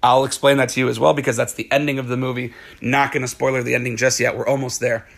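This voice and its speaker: A man casually retelling a film's plot, excitable and swearing freely, acting out the characters' lines as he goes. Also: mid-range voice, quick pace, creaky. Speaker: movie recap host. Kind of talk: casual spoiler-filled movie recap.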